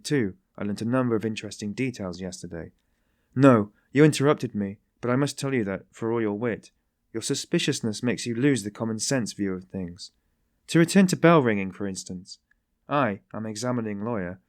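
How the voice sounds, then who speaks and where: A man's voice: lowish voice, no room sound, studio quality, natural voice. A man voicing a sly, genial detective who teases in a mocking, ironic way. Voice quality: tittering, mocking.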